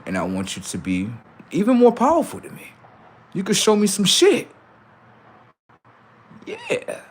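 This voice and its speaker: A middle-aged man rambling profanely to his livestream about his kids, acting out what they say in lively quoted voices. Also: medium pitch. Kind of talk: casual monologue to a livestream audience.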